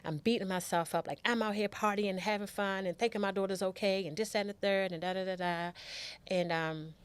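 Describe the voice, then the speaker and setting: A woman's voice: medium pitch, steady tone, fairly quick, smooth. A middle-aged woman telling an emotional personal story as a podcast guest, candid and repeating her words as she goes.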